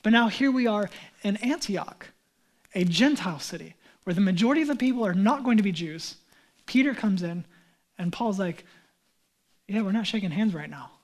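A male pastor preaching a sermon in a conversational, animated way, with casual asides. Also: sits high, moderate pace.

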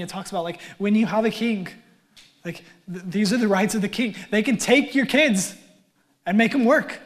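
A man's voice: high-pitched, moderate pace. Conversational male pastor preaching a sermon. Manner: conversational, wry asides, voice swells and drops to near whisper.

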